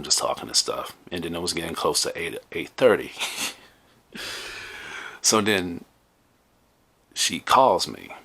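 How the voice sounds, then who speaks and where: A man's voice: sits low, a bit bright. A man hosting a podcast, telling a personal story in a rambling, conversational way full of restarts. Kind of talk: casual storytelling monologue.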